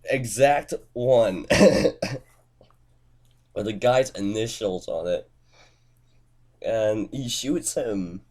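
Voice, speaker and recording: A man's voice: on the low side, drawn-out words, long pauses, a little mellow. A young man telling a rambling improvised comic story, giggling often, stumbling over words and swearing a lot.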